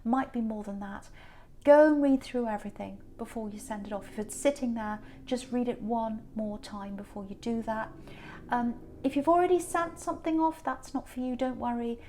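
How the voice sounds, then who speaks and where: A woman reads tarot cards to camera, speaking earnestly and circling back to repeat her points. Her voice sits a little high. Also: moderate pace, warm tone, slight background noise. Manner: earnest, repeats herself for emphasis. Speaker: tarot reader.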